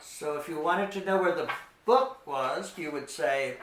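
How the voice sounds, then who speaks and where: A middle-aged man giving a slow, patient Spanish lesson for children, repeating each word carefully. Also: a little high, fairly bright tone, echoey room. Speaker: Spanish teacher.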